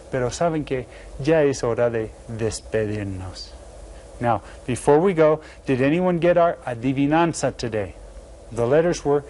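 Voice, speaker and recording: A man teaching an elementary Spanish lesson, saying Spanish phrases slowly and clearly in a friendly, encouraging teacher manner. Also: a little high, mellow. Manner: slow, carefully enunciated Spanish phrases for learners.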